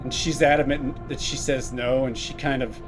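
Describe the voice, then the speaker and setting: A man's voice: mid-range voice, fairly even intonation, normal speed, over music. A man running a tabletop horror game, describing scenes in a rambling way with frequent restarts. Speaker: game master.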